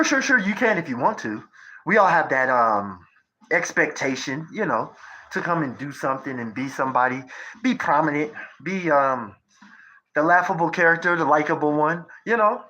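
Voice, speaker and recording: A man's voice: a little high, moderate pace, sharp tone, low-quality recording. A man in his thirties giving a rambling, profane livestream monologue, lecturing his viewers with rhetorical questions in a conspiratorial tone. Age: 30s.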